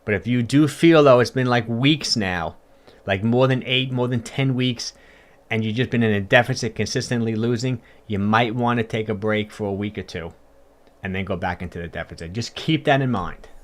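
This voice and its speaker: A man's voice: medium pitch, normal speed. A male fitness coach chatting live to his viewers, upbeat and easygoing. His voice sits in a middling register. He rambles a little, filling gaps with small words and repeating himself as he answers comments. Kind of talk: casual livestream talk, answering viewer comments.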